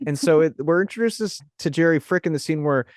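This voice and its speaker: A podcast host casually discussing a movie, rambling and enthusiastic, with lots of fillers. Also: male voice, a little high, lively intonation, fast, dry recording, clean studio sound.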